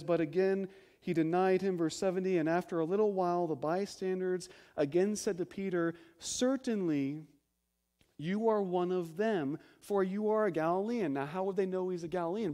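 This pastor's voice is high and bright as he delivers an emphatic sermon, asking rhetorical question after rhetorical question. Loud stresses alternate with hushed, low phrases.

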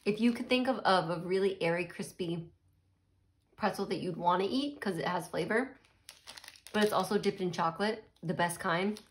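A woman's voice: lowish voice, normal speed, a little hiss or hum. A woman chatting casually while tasting snacks, murmuring and laughing as she eats. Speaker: snack reviewer.

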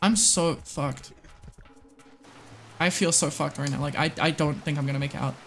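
A woman from the United States streaming a game live, excitable and swearing often, muttering under her breath and then breaking into squealing shrieks. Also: low-pitched, moderate pace, faint music behind. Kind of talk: live gameplay commentary.

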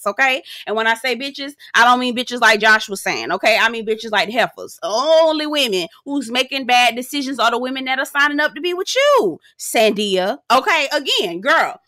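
A woman's voice: fairly high pitch, sharp tone, dry recording, clean studio sound. A young adult woman giving a sassy, blunt, profane recap of a reality show, talking straight to her viewers. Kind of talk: casual recap commentary.

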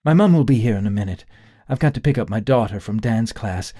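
A man's voice: on the low side, animated, a little fast, mellow, no echo, studio quality. A man voicing an anxious woman in her late thirties, a wealthy daughter who snaps back lightheartedly. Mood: brisk.

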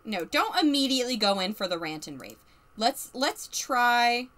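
Bright, animated woman streamer. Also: on the high side, normal speed. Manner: chatty, narrates characters' feelings, laughs often. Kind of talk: casual gameplay commentary.

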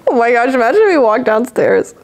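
A woman's voice: on the high side, very animated, quick pace, a little mellow, soft background music. A young woman hosting a casual movie reaction, gushing and giggly, often saying "like" and laughing between comments.

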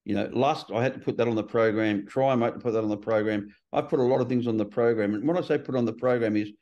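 A man's voice: mid-range voice, fast, muffled recording. Blunt, swearing man in his sixties. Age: 60s. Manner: blunt, swears freely, animated storytelling. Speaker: guest. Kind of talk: casual podcast conversation.

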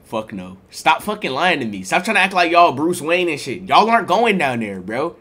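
A young man streaming from his bedroom, telling a story to his chat in a slangy, profane and animated way, often breaking into loud exclaims. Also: on the high side, moderate pace, slightly rough. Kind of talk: casual live-stream storytelling. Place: bedroom at home.

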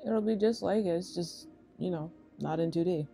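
A woman co-hosting a reaction video, chatting excitedly as she watches. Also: on the low side, normal speed, gravelly, breathy edge, soft background music. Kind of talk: casual reaction chat.

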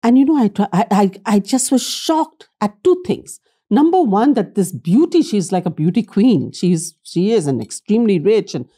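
A woman's voice: mid-range voice, breathy edge. A middle-aged woman, telling a personal story as an academic guest in an interview and acting out the dialogue. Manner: animated, acts out quoted dialogue.

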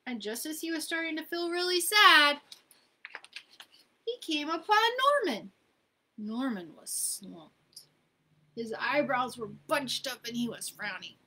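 A woman librarian reading a picture book aloud at a children's storytime, gentle and expressive. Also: sits high, unhurried, long pauses, a little hiss or hum.

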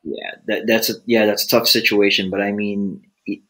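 Relaxed low-voiced man chatting. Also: moderate pace, rough recording. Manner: relaxed, brief backchannel replies. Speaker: podcast co-host. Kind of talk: casual chat.

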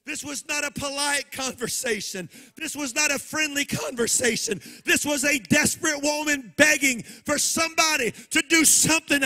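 A male pastor preaching a live sermon with passion, rising into shouts and a sung preaching cadence. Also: very high voice, animated, normal speed, hardly any pauses.

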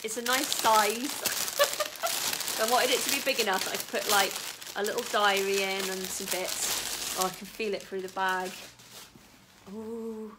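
A woman chatting excitedly at home on a casual live stream, swearing now and then. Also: mid-range voice, measured pace, pauses often, heavy background noise. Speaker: vlogger.

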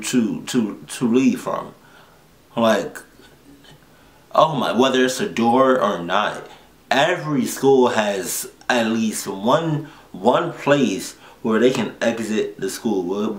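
A man reacting casually to a horror story, profane and exasperated, often repeating himself. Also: lowish voice. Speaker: reaction video host. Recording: roomy echo.

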